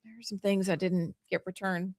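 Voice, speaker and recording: A woman, co-hosting a talk radio show in casual, animated chat. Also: medium pitch, fairly quick, dry recording. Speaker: radio co-host. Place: radio studio.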